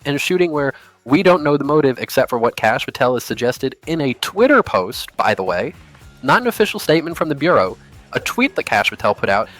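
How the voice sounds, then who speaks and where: A man's voice: mid-range voice, big pitch swings, brisk, fairly bright tone, soft background music. A man giving angry, profane political commentary, ranting in a furious tone.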